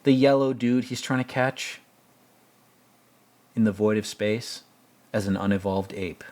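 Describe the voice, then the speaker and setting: A man's voice: fairly low pitch, measured pace, darkish tone. A man hosting a casual film commentary, rambling and stammering with joking asides. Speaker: host.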